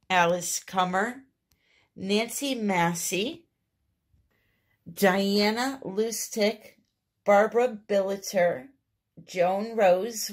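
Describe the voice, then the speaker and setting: A woman with a New England accent hosting a casual resin art tutorial, chatty and upbeat, laughing at herself. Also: mid-range voice. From northeastern United States. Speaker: resin art channel host.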